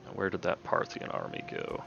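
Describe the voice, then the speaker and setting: A man hosting a gaming video, giving relaxed commentary and thinking aloud as he plays. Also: a little fast, muffled recording, background noise. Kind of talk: casual game commentary.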